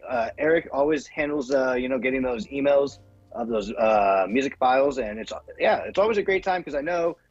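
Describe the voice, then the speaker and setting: Husky, hesitant male co-host. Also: medium pitch, expressive, fairly quick, no room sound, muffled recording, soft background music. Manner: hesitant, filler-heavy, laughing. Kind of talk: casual chat.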